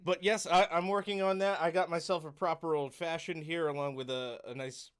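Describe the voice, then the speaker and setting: A man's voice: on the high side, fairly even intonation, a little fast, fairly bright tone, clear, resonant tone. A man co-hosting a casual podcast chat, easygoing and agreeable, chiming in often. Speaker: podcast co-host.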